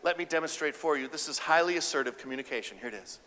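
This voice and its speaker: Bright-voiced man giving a comic keynote. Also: fairly high pitch, very fast. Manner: animated, acts out voices, audience banter. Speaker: keynote speaker and relationship counselor. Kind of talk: humorous keynote speech. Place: conference stage before a live audience. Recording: echoey conference hall.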